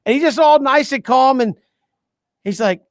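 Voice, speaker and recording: A man co-hosting casual sports talk, an animated storyteller who laughs while talking. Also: very high-pitched, normal speed, dry recording. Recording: dry close sound.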